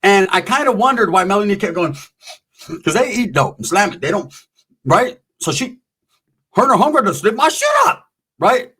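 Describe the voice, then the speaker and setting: A man's voice: high-pitched, sing-song, moderate pace, long pauses, pushed and bright, slight background noise. Profane, rambling man telling stories. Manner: profane, rambling, slangy, acts out quoted voices. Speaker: storyteller. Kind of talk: casual crude anecdote telling.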